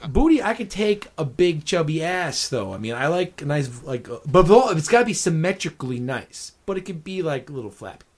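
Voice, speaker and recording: A man's voice: a little high, big pitch swings, brisk, hardly any pauses. A man co-hosting a casual podcast, joking crudely and animatedly. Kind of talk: casual chat.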